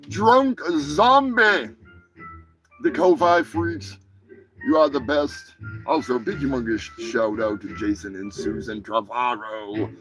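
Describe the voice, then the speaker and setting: A man hosting a crude comedic live show, brash and profane, rambling through shout-outs to his viewers. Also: mid-range voice, poor audio. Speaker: host.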